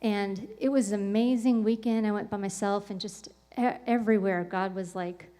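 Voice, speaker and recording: A woman's voice: medium pitch, steady tone, normal speed, dark tone, clean tone. A woman speaking on a podcast, telling a personal story in a casual, rambling way with lots of "like" and "um". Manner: rambling, full of "like" and "um" fillers.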